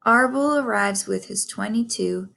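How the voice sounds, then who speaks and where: A woman's voice: medium pitch, unhurried, creaky, fairly bright tone, heavily acted. Woman doing a blunt old ewe. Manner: blunt, matter-of-fact. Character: blunt old female sheep.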